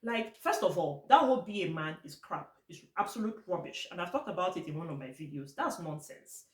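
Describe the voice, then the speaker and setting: A woman's voice: fairly low pitch, animated, a little fast, echoey room. A Nigerian woman vlogging to camera in a casual, blunt and exasperated way, slipping into Pidgin now and then.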